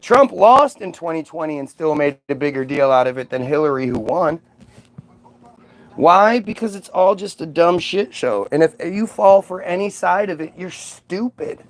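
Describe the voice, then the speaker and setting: A man delivering a casual, profane, sarcastic vlog rant in an exasperated manner. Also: high-pitched. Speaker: vlogger. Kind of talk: casual ranting monologue.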